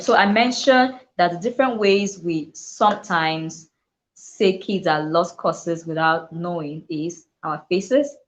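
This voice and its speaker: A woman with a lowish voice gives an earnest, heartfelt talk to fellow teachers as a dyslexia coach. She acts out quoted voices and breaks into laughter along the way. The audio is dull and lo-fi, like an online session.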